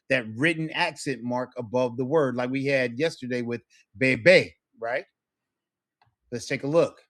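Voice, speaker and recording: A man teaching a one-on-one Spanish lesson, patient and encouraging, modeling words slowly for a student. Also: a little high.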